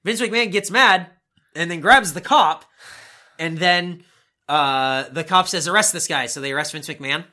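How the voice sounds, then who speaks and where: A man's voice: on the high side, unhurried, bright, forceful tone. A man co-hosting a podcast, rambling through a casual play-by-play recap with swearing tossed in. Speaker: podcast co-host. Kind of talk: casual wrestling recap chat.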